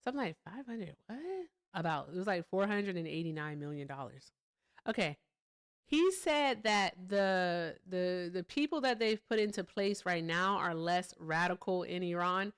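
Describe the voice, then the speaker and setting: A woman's voice: lowish voice, lively intonation, normal speed, smooth. A woman hosting a casual political commentary livestream, talking bluntly with profanity and breaking off to chat with her viewers. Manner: blunt, profane, chats with viewers between points. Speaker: livestream host.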